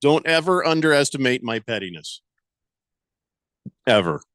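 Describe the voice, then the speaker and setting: A man's voice: mid-range voice, very animated, moderate pace, a bit bright, no room sound. A man hosting a sports radio show, chatting casually with dry, playful humor and reading listener texts aloud.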